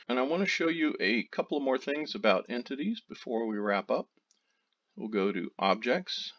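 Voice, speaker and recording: Man, low voice, talks through a software tutorial step by step; dull, lo-fi sound. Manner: steady step-by-step explaining, loose phrasing. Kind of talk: screen-recorded tutorial narration. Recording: dull lo-fi audio.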